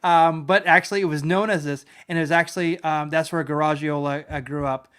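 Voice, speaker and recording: A man with a high voice hosts a casual podcast and signs off the show. His talk is halting, with fillers and restarts. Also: fairly even intonation, a bit bright, clean tone. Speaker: podcast host. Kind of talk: casual chat.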